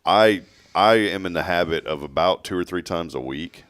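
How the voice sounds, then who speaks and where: Guy with a really low voice, chatty morning host, dry close sound. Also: moderate pace, a bit bright, dry recording. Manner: storytelling, laughs at his own jokes, mimics voices. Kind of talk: casual chat.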